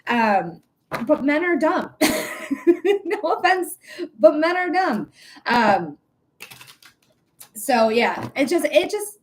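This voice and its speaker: A woman hosting a live psychic-reading stream, talking in a blunt, outspoken way, swearing freely and tossing quick asides to viewers. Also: a little high. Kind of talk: casual live-stream chat.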